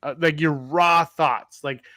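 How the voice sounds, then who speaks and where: A man's voice: a little high, steady tone, takes it slowly, bright, forceful tone, no echo, studio quality. A man hosting a podcast over a video call, chatting casually, laughing often and restarting his sentences. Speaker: podcast host.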